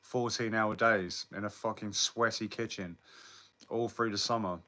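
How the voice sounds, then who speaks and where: A man talks loosely to his viewers, answering their comments and swearing freely. His voice sits a little low but comes across bright and forceful. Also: steady tone, measured pace. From England. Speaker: livestreamer. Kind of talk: casual live chat with viewers.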